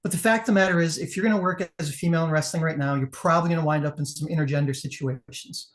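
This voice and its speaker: A woman's voice: low voice, steady tone, very fast. Blunt, foul-mouthed woman wrestler judge. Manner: blunt and profane, with laughs. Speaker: wrestler and promo competition judge. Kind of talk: casual critique on a live panel.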